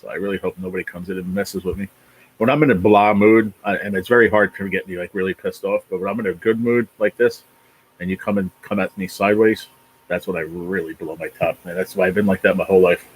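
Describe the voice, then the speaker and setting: This livestream host, a New Jersey man in his forties, reads viewer comments in a rambling, profane, casual chat. His low, husky voice stays steady at a quick pace, captured on a low-quality recording.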